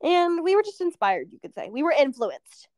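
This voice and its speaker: A woman's voice: sits high, big pitch swings, moderate pace, darkish tone, no room sound, clean studio sound. A young woman co-hosting a podcast in casual chat, talking freely with plenty of "like" fillers. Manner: chatty, lots of "like" fillers. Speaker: podcast co-host.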